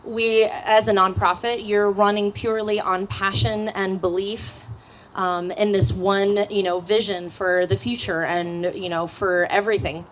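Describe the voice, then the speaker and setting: A woman speaking at a live panel in a cafe, earnest and heartfelt with many soft fillers. Her voice sits in a middle register over faint room noise. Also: mid-range voice, steady tone, measured pace, rough recording. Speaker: nonprofit outdoor group leader.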